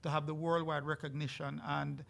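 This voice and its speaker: A man with a fairly high, slightly bright voice represents a resort brand on a live panel discussion. His pitch is earnest and persuasive like a sales pitch, yet his delivery is flat, a little fast, and marked by vocal fry.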